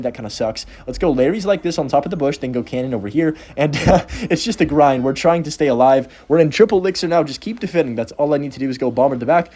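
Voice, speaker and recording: A young man giving live gameplay commentary for his video channel, excitable and reacting loudly to each play. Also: medium pitch. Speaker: gaming video creator.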